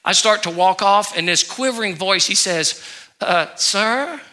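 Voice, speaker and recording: A male pastor preaching a sermon, telling a story from his own life in an animated way. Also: high-pitched, normal speed. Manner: animated storytelling, acting out his own anger then quiet remorse. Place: church sanctuary.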